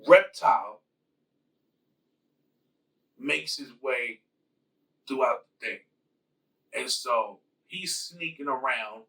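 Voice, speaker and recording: Dude slowly rambling through his movie rewrite, gravelly, kinda far from the mic. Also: mid-range voice, pushed and bright. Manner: rambling, slangy, full of fillers. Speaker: channel host. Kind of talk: casual movie rewrite retelling.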